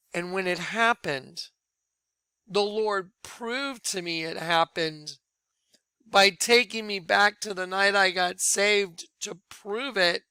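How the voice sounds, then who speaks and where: Bright, crisp-voiced man preaching. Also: sits high, no echo. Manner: earnest, drops to quiet hushed tones when quoting. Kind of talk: sermon-style testimony.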